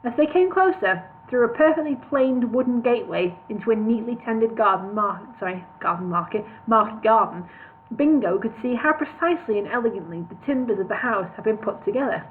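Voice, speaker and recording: A woman reading a story aloud live, slightly high-voiced, stumbling and correcting herself with quick apologies. The sound is thin and phone-like with a faint hiss behind it. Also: lively intonation. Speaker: reader. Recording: tinny lo-fi livestream audio, faint noise.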